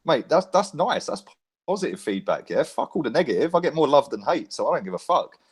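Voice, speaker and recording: A man's voice: a little high, very animated, fairly quick, husky. A man in casual chat, swearing freely and constantly checking for agreement. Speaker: fan YouTuber guest.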